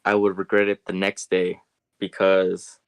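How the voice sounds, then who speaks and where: A young man co-hosting a casual podcast, telling a story in a rambling way and getting animated when he quotes people. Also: low-pitched, unhurried, smooth. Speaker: podcast co-host.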